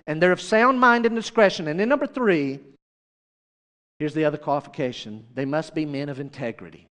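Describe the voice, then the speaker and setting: High-voiced preacher in an echoey hall. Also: male voice, animated, normal speed. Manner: conversational preaching, asks the congregation questions. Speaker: pastor. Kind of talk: sermon.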